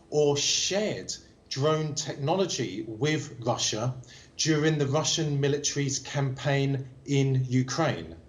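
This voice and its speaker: A man giving formal political commentary as an interview guest. He speaks slowly and deliberately, in a fairly high voice that rises and falls widely. He drives his argument with pointed rhetorical questions. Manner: measured, emphatic rhetorical questions.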